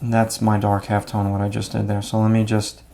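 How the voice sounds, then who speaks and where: A man explaining his drawing steps out loud as he works, in a relaxed, thinking-aloud way. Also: fairly low pitch, brisk, creaky, a little hiss or hum. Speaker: art instructor. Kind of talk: drawing demonstration.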